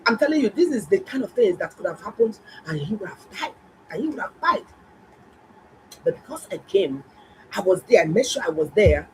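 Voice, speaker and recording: A woman doctor, telling viewers a story in a casual, animated and emphatic way. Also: lowish voice, a little hiss or hum, rough recording. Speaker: doctor and health vlogger.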